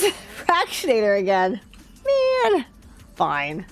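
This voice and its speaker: Woman, young adult, game streamer, tired, chatty, self-talk, slow pace, lively pitch. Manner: chatty, talks to herself, laughs often. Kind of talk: casual live-stream chat while playing.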